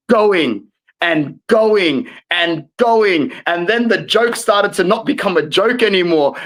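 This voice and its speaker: A man's voice: high-pitched, a bit bright, low-quality recording. A man, a guest in a casual football chat, talking with passion and rambling on. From Australia.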